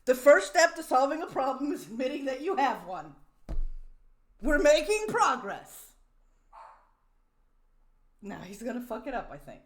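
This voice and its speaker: A woman's voice: high-pitched, big pitch swings, a little slow, long pauses. A woman streamer in a casual, profane rant, mocking and exasperated as she reacts to a clip.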